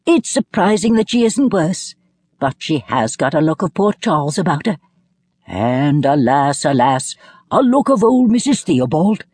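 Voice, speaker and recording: A woman's voice: deep voice, big pitch swings, unhurried, dark tone, slightly rough, dry recording, clean studio sound, exaggerated voice. Woman voicing a prim, snobbish matron. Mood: disdainful. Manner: primly correcting, disdainful. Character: prim, snobbish middle-aged mother.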